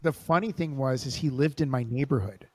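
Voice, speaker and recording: Animated man telling stories. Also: mid-range voice, fairly quick, no room sound. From Los Angeles, USA. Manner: animated storyteller, laughs often. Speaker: podcast host. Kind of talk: casual interview storytelling.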